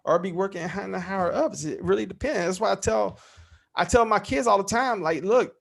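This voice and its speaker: Male podcast guest, raspy edge, rambling storyteller. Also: high voice, a little fast, fairly bright tone. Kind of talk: casual interview storytelling.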